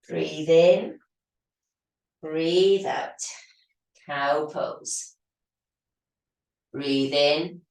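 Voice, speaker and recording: A woman leading a guided yoga class with calm, steady breathing cues, her voice slightly hoarse as she is losing it. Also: low-pitched, distant mic. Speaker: yoga teacher. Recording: very echoey room, voice off-mic.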